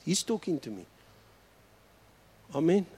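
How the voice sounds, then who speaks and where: Male pastor, earnest preacher, leans on slow repeated phrases. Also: fairly high pitch, sing-song, dark tone, slightly rough. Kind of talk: sermon. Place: church hall.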